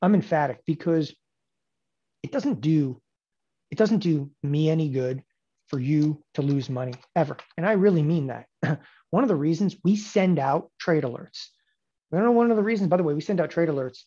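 A man's voice: on the high side, expressive, moderate pace, warm tone, breathy edge, lo-fi sound. Emphatic, sarcastic man in his forties. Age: 40s. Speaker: options trading instructor. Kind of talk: live trading lecture.

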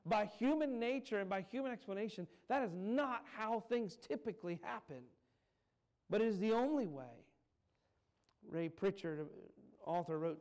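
Fervent male pastor preaching a sermon. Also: a little high. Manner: builds to loud emphatic peaks, slows on key phrases. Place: church sanctuary.

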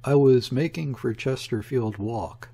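A man reading the lines of a gloomy, desperate conspirator with a husky voice, in an audiobook. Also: mid-range voice, unhurried, dark tone. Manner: gloomy and bitter. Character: gloomy desperate middle-aged male conspirator.

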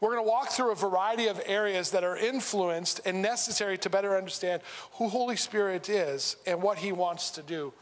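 A high-pitched man preaching in a church hall with a long, ringing reverb. He talks loosely and with humor, stopping and restarting his sentences as he goes. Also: brisk, hardly any pauses. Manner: conversational, humorous, with frequent restarts. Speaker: pastor. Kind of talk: sermon. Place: church sanctuary.

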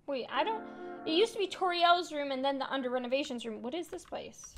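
She's hosting a let's play, bantering playfully, reading the game's text aloud over its music, and addressing viewers as "fam." Her voice is high, a bit bright, and fairly quick, and it's casual gaming commentary.

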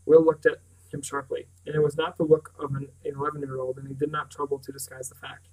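A man narrating a novel aloud in a steady, even storytelling manner. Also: a little high, quick pace, recorded from a distance, low-quality recording. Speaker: reader. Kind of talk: audiobook narration.

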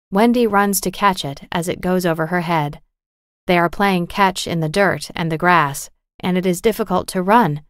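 A woman narrating a storybook for English learners with a clear, measured, carefully articulated reading. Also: lowish voice, no room sound, studio quality.

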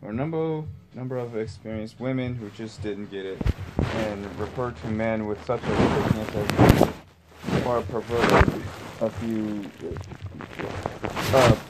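A man hosting a casual chat with friends, reading out an article haltingly with fillers. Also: on the low side, very noisy. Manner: reads aloud haltingly with fillers and skips text. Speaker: podcast host.

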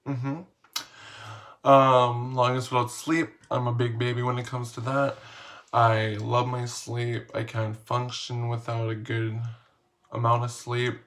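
A vlogger with a mid-range, slightly bright voice speaks slowly and flatly. In a playful, slangy, self-mocking video, he reads each question aloud before answering it.

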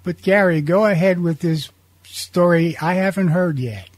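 A man's voice: high voice, a little slow. A man hosting an interview, prompting his guest with a few hesitations. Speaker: interview host. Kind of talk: conversational interviewing.

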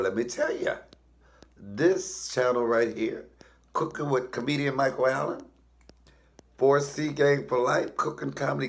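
A middle-aged male comedian telling blunt, profane stories in a casual, animated way while cooking. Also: fairly low pitch, creaky. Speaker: comedian and cooking show host.

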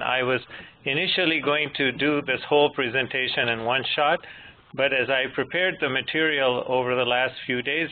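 A man in his fifties, moderator and presenter, giving a measured technical lecture with gentle humor. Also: mid-range voice. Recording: tinny phone-line audio with faint noise.

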